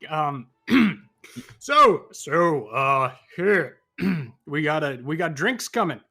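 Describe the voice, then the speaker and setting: An unhurried tabletop player whose pitch rises and falls lively. They stammer and giggle through casual in-character talk around the table. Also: creaky.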